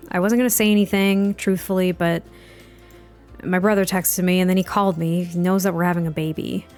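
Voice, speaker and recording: A woman's voice: on the low side, steady tone, normal speed, a little mellow, faint music behind, lightly acted. Woman voicing a troubled young dad-to-be. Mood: confessional. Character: troubled young expectant father, guarded man.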